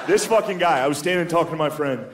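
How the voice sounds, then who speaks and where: A man in his thirties doing a stand-up comedy set, telling loose, profane, self-mocking stories on a comedy club stage. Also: a little high. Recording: live club set with crowd noise. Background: audience laughter.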